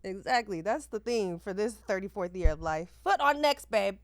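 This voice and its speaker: A woman in her thirties hosting a podcast, chatting casually in a lively, slangy, exclamatory way. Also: mid-range voice, moderate pace, no room sound, studio quality. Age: 30s. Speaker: podcast host.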